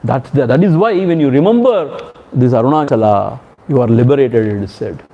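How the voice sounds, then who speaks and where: Emphatic Indian swami, lo-fi recording. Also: male voice, medium pitch, expressive, a little fast. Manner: emphatic, repeats key phrases, chuckles between points. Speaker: swami giving a spiritual discourse. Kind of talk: devotional discourse with chanted verses. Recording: dull lo-fi recording.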